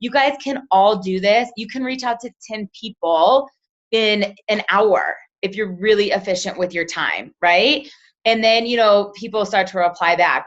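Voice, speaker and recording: Woman team coach, chatty and conversational, mid-pitched, dull lo-fi sound. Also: a bit bright. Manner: chatty, acts out sample chats in quoted voices, often asks "right?". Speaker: team leader coaching a sales team.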